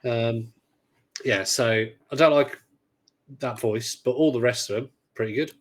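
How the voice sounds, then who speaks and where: Male podcast co-host, mid pitch, loose rambling chat with dry sarcasm. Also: unhurried. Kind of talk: casual chat.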